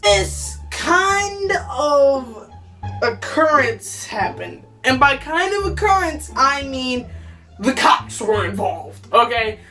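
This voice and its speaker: A woman casually telling a funny story from her youth, animated and jokey, breaking into shouts. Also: high voice, recorded from a distance.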